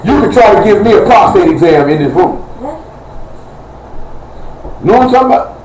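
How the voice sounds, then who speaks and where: A man's voice: high voice, lively intonation, fairly quick, pauses often. A man preaching an informal, joking sermon in loose street slang. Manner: loose, joking street talk, Southern American. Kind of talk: informal live-streamed sermon. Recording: echoey room with faint ambient noise.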